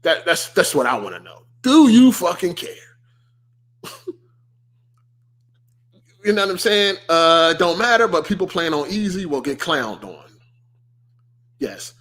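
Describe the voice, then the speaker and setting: A man's voice: sits high, very animated, a little slow, pauses often, a bit bright. A young man hosting a live stream, chatting casually and profanely with viewers and firing rhetorical questions at them. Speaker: streamer host.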